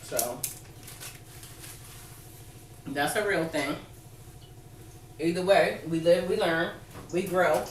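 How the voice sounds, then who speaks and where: A woman's voice: on the low side, takes it slowly, long pauses. Woman host chatting loose, cussing some, kinda far from the mic, echoey room, faint hiss. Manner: laid-back, frank, swears freely. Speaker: channel host. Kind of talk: casual chat.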